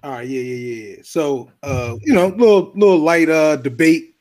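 A man's voice: fairly high pitch, normal speed, a little mellow. A man co-hosting a casual podcast, laid-back, with lots of fillers and joking asides. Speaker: podcast co-host.

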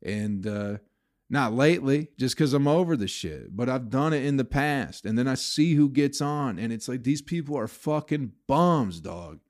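A man's voice: mid-range voice, animated, moderate pace, no echo, studio quality. A man hosting his own podcast, venting in a profane, bitter, rambling way about the comedy business. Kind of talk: casual solo podcast rant.

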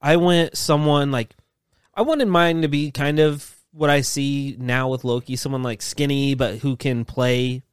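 A man's voice: mid-range voice, fairly even intonation, unhurried, smooth, dry recording, clean studio sound. Easygoing man podcast co-host. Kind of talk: casual podcast banter.

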